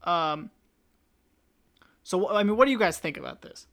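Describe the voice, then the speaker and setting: A man's voice: sits high, expressive, normal speed, a bit bright. A man hosting a casual sports podcast, reading the news in a chatty, opinionated way and poking fun at himself. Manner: chatty, opinionated, self-deprecating. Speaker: podcast host. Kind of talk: casual chat.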